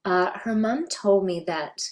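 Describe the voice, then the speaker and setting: A woman's voice: mid-range voice, lively intonation, measured pace. A middle-aged woman from Canada, a voice actress, thoughtfully telling stories in an interview. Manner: reflective, thoughtful storytelling. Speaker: voice actress guest. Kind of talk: reminiscing interview.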